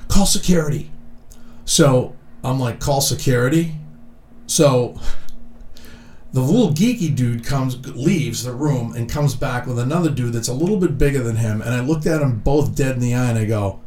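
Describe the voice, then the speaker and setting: A middle-aged man spins a crude, animated story in easy conversation, swearing freely and playing every part. His voice sits at an ordinary pitch. The room around him rings with echo. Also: moderate pace, far from the mic. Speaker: podcast co-host. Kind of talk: casual profane storytelling. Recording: echoey room.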